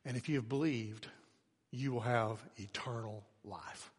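Impassioned preacher in a reverberant hall. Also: male voice, mid-range voice, steady tone, unhurried, breathy edge. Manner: swings from hushed to shouting for emphasis. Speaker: pastor. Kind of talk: sermon.

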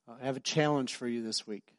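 Emphatic preacher, dry close sound. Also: male voice, medium pitch, fairly even intonation, fairly quick, no room sound. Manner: emphatic, repetitive, conversational storytelling. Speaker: pastor. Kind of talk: sermon.

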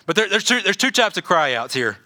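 Male pastor, bright and a bit high, lively sermon with jokes. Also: fairly quick. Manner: animated, repeats words, joking asides.

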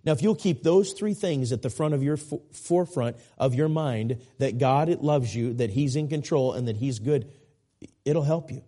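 A man's voice: medium pitch, normal speed, warm tone. A man in his forties preaching a sermon as a guest preacher, earnest and repetitive, with folksy asides and self-deprecating jokes. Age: 40s.

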